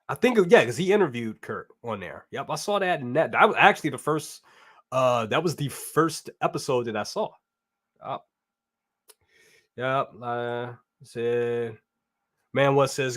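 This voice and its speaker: A man hosts a toy review live stream in loose, casual talk. He rambles and stays upbeat, with slangy phrasing. His voice sits at an ordinary middle pitch for a man. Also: a bit bright. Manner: rambling and upbeat, slangy, reads chat comments aloud. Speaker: toy review show host.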